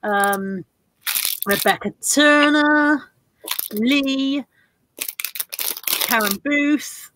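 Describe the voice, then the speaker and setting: A woman's voice: high voice, drawn-out words, pauses often, background noise. A woman hosting a casual live stream, chatty and wry as she reels off viewer greetings.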